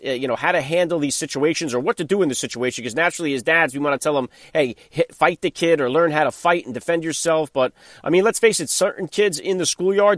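A man hosting a radio talk show, asking his questions in a quick run with lots of hedging. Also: a little high, dry recording, clean studio sound. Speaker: radio host.

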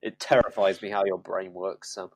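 A man's voice: deep voice, level tone, normal speed, creaky, a little mellow, no echo. A man hosting a podcast, chatting casually, teasing the others and steering them to the next topic. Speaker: podcast host. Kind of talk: casual chat.

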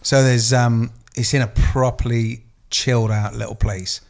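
A man's voice: medium pitch, fairly even intonation, unhurried, vocal fry. Man rambling through a story. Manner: rambling anecdotal storytelling, swears freely. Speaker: podcast co-host. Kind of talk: casual chat.

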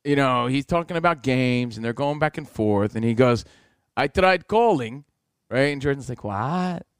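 A man's voice: medium pitch, a little fast, clean tone, no room sound, clean studio sound. A man telling a long story in casual chat, acting out the people in it and swearing freely. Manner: animated, acts out voices, swears.

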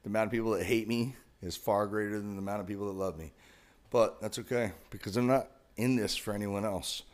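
A man with a very low voice pours out a raw, emotional confession as a podcast host. He sounds broken up, and his tone keeps climbing into forceful emphasis. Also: steady tone, fairly quick. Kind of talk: emotional personal monologue.

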